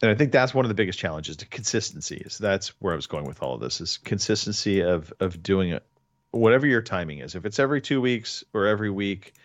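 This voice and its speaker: A man's voice: deep voice, lively intonation, fast, dry recording, highs cut off. A man hosting a podcast, chatting casually in a rambling way with many restarts. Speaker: podcast host. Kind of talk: casual chat.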